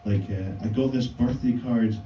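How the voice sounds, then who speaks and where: A man doing a stand-up set in a deadpan, halting way, full of fillers. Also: medium pitch, faint music behind. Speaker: stand-up comedian. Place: comedy club stage. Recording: echoey room mic, from a distance.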